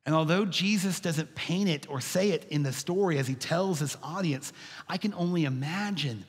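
A man preaching, folksy and storytelling, calling his listeners "y'all." His voice sits a little high and a bit husky. The sanctuary rings with a long reverb. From Texas. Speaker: pastor. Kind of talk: sermon. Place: church sanctuary.

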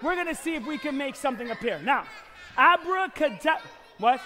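The voice is extremely high and expressive, brisk, and the recording very noisy. It's an American man doing live kids' magic show patter on a concert hall stage, with music in the background, playfully leading the family audience in call-and-response.

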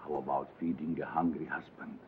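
An actor playing a suave, cold-blooded gang boss in a 1940s film, speaking with measured, formal diction. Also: male voice, a bass voice, little pitch movement, husky, full character voice. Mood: tender. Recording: tinny old film soundtrack with hiss.

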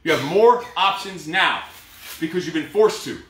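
A man's voice: on the high side, lively intonation, normal speed. A man, a fitness trainer, calling out workout combos and giving a blunt, profane pep talk, out of breath. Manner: shouted drill cues, profane motivational talk. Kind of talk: live workout coaching. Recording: echoey room, from far off mic.

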